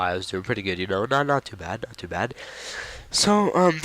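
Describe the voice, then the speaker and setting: A young man with a fairly low, smooth voice talks casually to his viewers about a game. He rambles, filling gaps with "um" and restarting his sentences. He reads out chat messages with a mocking edge. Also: a bit bright, poor audio. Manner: rambling, with many fillers and self-corrections. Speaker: gaming channel host. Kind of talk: casual gameplay commentary to viewers.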